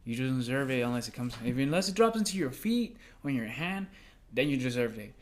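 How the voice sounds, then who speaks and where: A young man co-hosting a podcast, telling work stories in a rambling, profane, animated way. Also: medium pitch, fairly quick, a little hiss or hum. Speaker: podcast co-host. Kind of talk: casual podcast chat.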